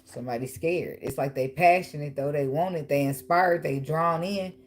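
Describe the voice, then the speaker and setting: Woman, low pitched, tarot reader, blunt, profane, teasing, faint background hiss. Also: normal speed. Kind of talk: casual tarot reading.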